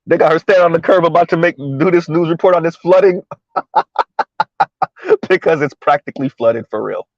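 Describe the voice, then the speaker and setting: A man with a fairly high voice chats casually to his viewers from the driver's seat, repeating his points and laughing between them. The sound is dry and close, with a dull, muffled lo-fi edge. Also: brisk, no echo, faint music behind. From South Florida. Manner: chatty, talks to viewers, repeats himself, laughs often. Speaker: commentary vlogger. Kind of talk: casual commentary while driving. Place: in a car driving through floodwater.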